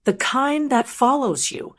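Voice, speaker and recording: A woman's voice: high voice, very animated, slow, a bit bright, pitched above the performer's own voice, heavily acted. A woman voicing a scheming middle-aged man who bullies his sister, mocking and pushy. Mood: menacing.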